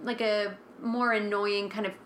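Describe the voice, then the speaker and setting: A woman's voice: mid-range voice, level tone, unhurried, a bit bright, reverberant, slight background noise. A woman podcast co-host in casual chat, recapping a TV episode, swearing freely and acting out characters' lines.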